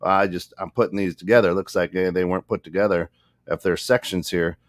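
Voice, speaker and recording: A man's voice: low-pitched, a little fast, no echo, clean studio sound. A man co-hosting a podcast, telling a funny story in casual chat, laughing often and acting out the voices of the people in it. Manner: animated, laughing, acts out voices in anecdotes. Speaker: podcast co-host. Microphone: studio microphone.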